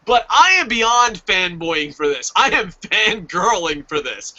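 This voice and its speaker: Brief: high-ish, forceful male reviewer, profane fanboy rant, muffled lo-fi sound. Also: expressive, unhurried, hardly any pauses, slight background noise. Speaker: wrestling show reviewer. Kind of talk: casual chat.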